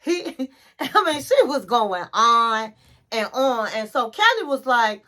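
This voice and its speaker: A woman's voice: fairly high pitch, sing-song, takes it slowly, bright, forceful tone. A woman recapping a reality show episode in a chatty, gossipy way, calling the listener honey.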